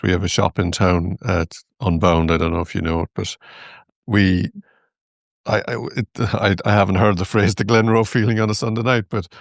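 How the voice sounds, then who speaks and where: A man hosting a podcast, talking casually with halting restarts and repeated words. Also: deep voice, creaky, no echo, clean studio sound. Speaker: podcast host. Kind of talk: casual interview chat.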